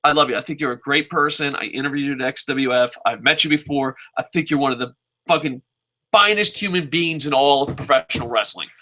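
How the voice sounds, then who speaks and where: A man's voice: medium pitch, fairly quick, sharp tone. A young man reviewing a wrestling show in a profane, sarcastic rant, acting out quotes as he goes. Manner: sarcastic, swears constantly, acts out quotes.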